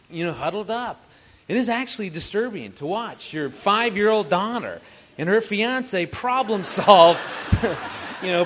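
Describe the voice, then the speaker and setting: Speaking to a live audience as a marriage speaker, a high-pitched man tells a family story with animation and jokes, posing questions to the crowd. There is a little hiss or hum in the audio.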